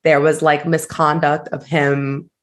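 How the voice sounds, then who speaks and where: Deep-ish woman podcast host, gossipy, animated, says like constantly. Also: a little slow. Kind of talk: casual chat.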